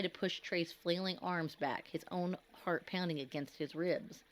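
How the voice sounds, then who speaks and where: A woman with a notably low voice narrates a scripted horror story. She reads in a grave, measured way and leans on the dramatic moments.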